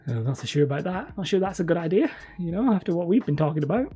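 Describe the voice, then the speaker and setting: A woman's voice: fairly low pitch, very animated, very fast, dark tone, breathy edge, soft background music. A woman with a slight lisp, hosting a rambling live stream and chatting to viewers. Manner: rambling, self-correcting, laughs often. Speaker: host streaming live and reading chat. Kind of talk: casual livestream chat.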